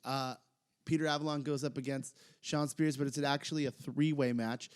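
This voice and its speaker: A man's voice: medium pitch, moderate pace, smooth. Guy co-hosting a chat podcast, rambly, lots of uhs, gets fired up. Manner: rambling, hesitant, gets excited. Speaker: podcast co-host. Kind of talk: casual chat recapping wrestling.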